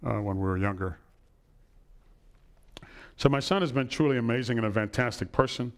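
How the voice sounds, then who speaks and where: A middle-aged man giving a personal lecture to an audience in a hall, telling family stories and checking in with "right?". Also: fairly low pitch. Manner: warm storytelling, asks "right?" often.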